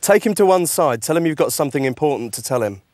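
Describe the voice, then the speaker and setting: A man's voice: on the high side, lively intonation, a crowd in the background. Man feeding mischievous prank lines. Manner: mischievous, coaxing, quick directives. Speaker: hijacker feeding lines to a housemate. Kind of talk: prank instructions through an earpiece.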